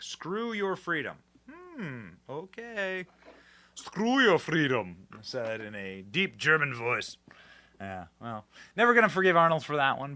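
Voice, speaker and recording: Bright, animated male commentary host. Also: medium pitch. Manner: animated, sarcastic, many fillers and restarts. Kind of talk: casual political commentary.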